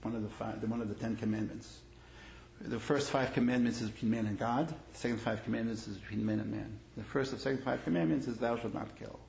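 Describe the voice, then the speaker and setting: A gravelly-voiced rabbi lectures to an audience in an echoey hall, the recording dull and lo-fi with a faint hiss. He repeats his phrases and presses his points harder as his stories build. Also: mid-range voice, fast. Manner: grows animated and emphatic in stories, repeats phrases. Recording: echoey room, dull lo-fi sound, faint noise.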